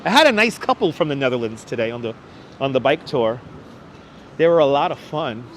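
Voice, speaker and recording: A man's voice: medium pitch, animated, a little fast, a little hiss or hum. A man hosting a walking livestream on city streets, thanking viewers over and over in an effusive way. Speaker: livestream host. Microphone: wireless clip-on mic.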